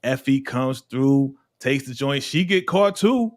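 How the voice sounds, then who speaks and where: Animated man hosting a casual recap. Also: slow. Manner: animated, laughing often, swinging between high and low voice. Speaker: host of a TV recap show. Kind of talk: casual episode review chat.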